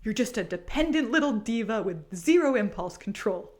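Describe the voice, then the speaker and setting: A woman's voice: fairly high pitch, expressive, moderate pace, a little mellow, natural voice. A woman voicing a stern, protective male judge who scolds in a mock-serious tone.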